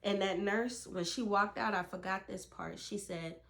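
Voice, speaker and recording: A woman's voice: medium pitch, fairly even intonation, unhurried, creaky, a bit bright. Earnest woman telling her birth story. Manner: earnest and emphatic, addressing women directly. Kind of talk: personal storytelling to camera.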